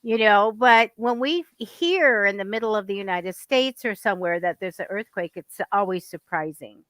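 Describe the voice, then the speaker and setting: A woman from California chatting casually as a guest, telling stories in an animated way. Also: mid-range voice, moderate pace, no echo. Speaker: psychic guest. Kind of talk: casual chat.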